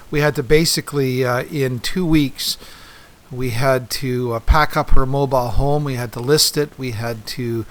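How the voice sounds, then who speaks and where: A man's voice: medium pitch, fairly bright tone. Rambling middle-aged male podcast host. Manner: rambling, many ums and uhs and restarts. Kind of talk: casual podcast monologue.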